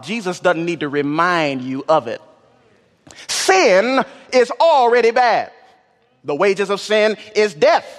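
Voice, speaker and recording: A man preaching a sermon in a church, animated, using call-and-response and rhythmic repetition. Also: high-pitched. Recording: long church reverb.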